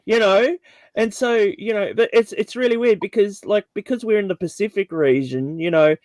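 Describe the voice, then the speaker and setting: A man's voice: sits high, normal speed, a little mellow, no room sound. A man from Tasmania with an Australian accent, chatting casually on a video call as panel host, rambling with lots of fillers.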